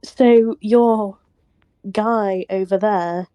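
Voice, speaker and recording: A woman's voice: mid-range voice, fairly even intonation, very slow, clear, resonant tone, no room sound, dull audio. A woman playing a tabletop game, hesitant, laughing often and trailing off. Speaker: player.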